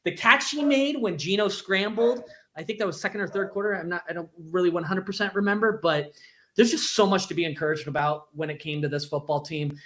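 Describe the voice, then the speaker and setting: A man co-hosting a sports show, speaking upbeat and emphatic in quick bursts. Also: high voice, a bit bright. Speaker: podcast co-host.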